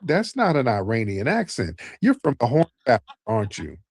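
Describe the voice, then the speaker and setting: A man's voice: medium pitch, huge pitch swings, fairly quick, husky, dry recording, clean studio sound. A male host of a call-in show who argues with a caller in a mocking tone, keeps calling him "sir", and then lectures at length. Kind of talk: live call-in show commentary.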